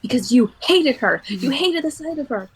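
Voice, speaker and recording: Cool young female investigator , played by a woman for a fan dub. Calm and pointed, slightly high pitch. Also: moderate pace, slightly rough, heavily acted, poor audio. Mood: accusing.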